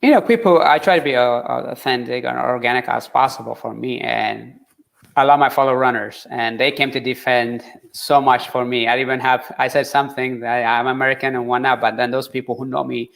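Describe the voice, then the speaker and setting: A man telling his story in an interview, earnest and halting, with many fillers and restarts. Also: medium pitch, fairly even intonation, creaky, fairly bright tone. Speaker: interview guest, marathon runner. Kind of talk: conversational interview.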